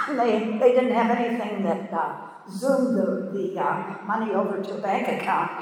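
A woman's voice: medium pitch, measured pace, a little mellow. A woman in her eighties from Pittsburgh, telling a story casually with lots of fillers and laughter. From Pittsburgh, Pennsylvania. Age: 80s. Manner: chatty, laughing often, many fillers and "you know". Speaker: speaker sharing her recovery story. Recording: echoey hall, mic at a distance.

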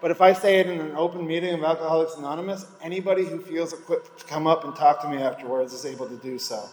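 A man's voice: a little high, steady tone, fast talker, darkish tone, a little hiss or hum. Rambling man in an echoey hall. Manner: rambling, candid, jumps between thoughts. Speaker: recovering alcoholic sharing at a meeting. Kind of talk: personal testimony talk.

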